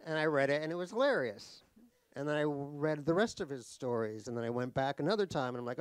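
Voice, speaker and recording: A man's voice: a little high, expressive, fast talker, clean tone, dry recording. Middle-aged new guy, author telling self-deprecating stories, lots of ums and restarts, dry close sound. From United States (New York). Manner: wry, self-deprecating, laughs at his own jokes; rambling, with many fillers and restarts. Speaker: author guest in a stage conversation. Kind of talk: comic anecdotal storytelling. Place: live talk at a cultural center.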